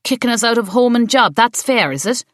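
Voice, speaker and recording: A woman reading the part of a young Irish woman who runs a family bistro, defiant and quick to retort. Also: a little high, expressive, no room sound, studio quality, pitched above the performer's own voice, natural voice. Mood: indignant.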